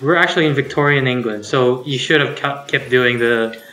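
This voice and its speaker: A man's voice: mid-range voice, a little fast, sharp tone. A man playing a co-op racing game with a friend, explaining the rules in a wry, laid-back way. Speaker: game player. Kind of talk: casual let's-play chat.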